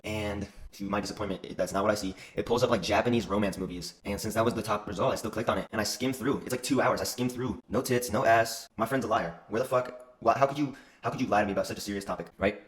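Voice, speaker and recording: A man's voice: on the low side, echoey room. A young man telling funny stories about his childhood in casual, profane chat. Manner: fast, profane, joking. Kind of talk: casual storytelling monologue.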